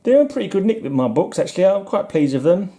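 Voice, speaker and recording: A middle-aged man with a British accent rambles through a casual vlog chat. His voice sits slightly high but sounds mellow and relaxed. He talks in loose, self-deprecating asides with frequent chuckles. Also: fast talker. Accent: British English. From United Kingdom. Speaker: comic collector vlogger. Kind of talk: casual chat while flipping through comics.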